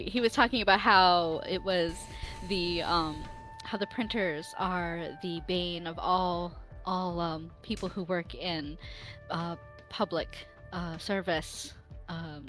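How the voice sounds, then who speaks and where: A woman chatting casually on a live stream, telling an animated story and laughing often. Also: fairly low pitch, measured pace, soft background music. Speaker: player. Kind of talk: casual chat.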